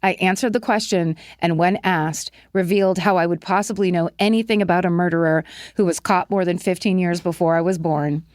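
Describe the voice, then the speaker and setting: Woman, podcast co-host, wry self-deprecating humor, casual chat, lowish voice, dry close mic. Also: steady tone, brisk, hardly any pauses, a little mellow, no echo. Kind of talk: casual chat and reading listener stories aloud.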